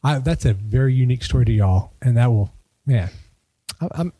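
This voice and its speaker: A man's voice: medium pitch, expressive, fairly quick, dark tone, dry recording. A man hosting a podcast in casual chat, effusive and laughing often. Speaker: podcast host.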